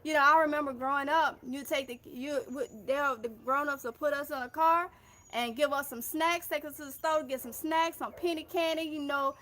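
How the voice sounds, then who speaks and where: Gardening livestream host, woman in her 30s, Mississippi drawl, high and bright, chatty, talks to y'all. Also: steady tone, moderate pace. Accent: Mississippi Southern US. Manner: chatty and effusive, addresses viewers as y'all. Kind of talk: casual livestream chat, reading viewer comments aloud.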